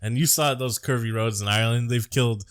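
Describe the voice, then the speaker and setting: A man's voice: medium pitch, a little fast, clean tone, no echo, studio quality. An American man co-hosting a podcast, chatting casually and crudely about a movie with jokes. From United States. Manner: laid-back, crude, joking. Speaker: podcast co-host. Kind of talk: casual movie-review chat.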